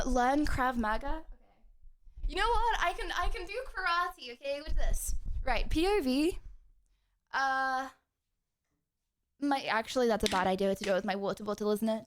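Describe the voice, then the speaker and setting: A young adult woman streamer chatting with her viewers in her home kitchen, excitable and joking, out of breath from standing and kicking. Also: high-pitched, normal speed. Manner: bubbly, excitable, joking with chat. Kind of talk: casual live-stream chat. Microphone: streaming mic, wearing headphones.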